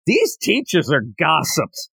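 A man hosting a podcast, casually recapping a manga chapter and acting out the characters' lines in quick voices. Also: fairly high pitch, huge pitch swings, gravelly, pushed and bright, slightly rough, no echo. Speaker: podcast host.

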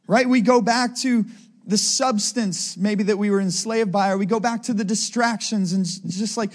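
A man's voice: high voice, moderate pace. A man giving a conversational sermon, often asking his listeners "right?" as he teaches. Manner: conversational preaching, asks the crowd "right?" often. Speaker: preacher.

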